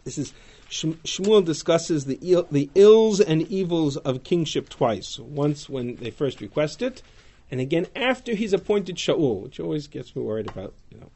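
Male teacher with a gravelly voice, animated, reading out verses and explaining them. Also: medium pitch, moderate pace. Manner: animated, reads Hebrew verses then paraphrases them. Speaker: Torah teacher. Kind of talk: text-study class.

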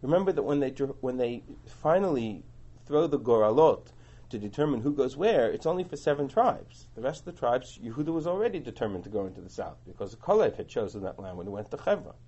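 A man teaching a Torah class, explaining and translating verses in an animated way, on a dull lo-fi recording. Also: medium pitch, fast talker, breathy edge.

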